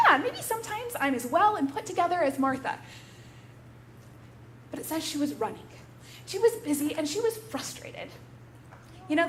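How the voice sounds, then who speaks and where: A woman's voice: high-pitched, a bit bright, slight background noise. A woman pastor giving a conversational sermon in a church, telling a story in a relatable way.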